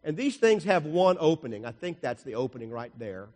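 A man's voice: on the high side, big pitch swings, fairly quick, a little mellow. An older man preaching a folksy, rambling sermon, explaining slides with jokes and asides. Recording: long hall reverb.

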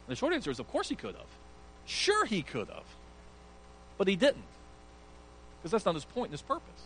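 A man's voice: sits high, huge pitch swings, a little fast, pauses often, a bit bright, slight background noise, rough recording. A male pastor preaching an earnest sermon, emphatic and sometimes stumbling over restarts.

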